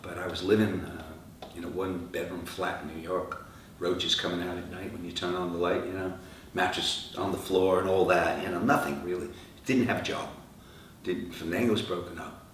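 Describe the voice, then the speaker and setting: A middle-aged man, a rock singer, telling lively stories in an interview and acting out the voices of the people in them. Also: sits low, normal speed. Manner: animated anecdotes, acting out quoted dialogue. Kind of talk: storytelling interview answers. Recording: echoey room, from far off, faint noise.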